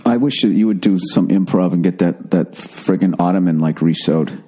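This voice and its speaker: A man's voice: sits low, moderate pace, mellow, breathy edge. A man hosting a casual podcast from home, grumbling and swearing through offhand rants. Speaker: podcast host.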